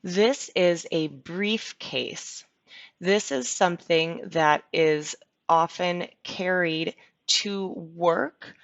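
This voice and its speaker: A woman teaches vocabulary at an unhurried pace, repeating each word with patient care. Her fairly low voice has a gravelly edge. The recording is dry and slightly muffled. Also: no echo. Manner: patient, repeats words slowly. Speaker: ESL teacher. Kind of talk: slow, clear vocabulary lesson. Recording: dull lo-fi sound.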